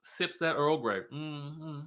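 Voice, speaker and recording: A man's voice: fairly high pitch, slow pace, sharp tone. A man giving a casual, sassy reality-TV recap, laughing often and quoting the cast. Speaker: show recap commentator.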